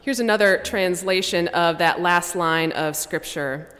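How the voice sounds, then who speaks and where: A woman pastor preaching a measured sermon, her voice softening to a hush on sombre lines. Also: lowish voice. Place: church sanctuary. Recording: long church reverb.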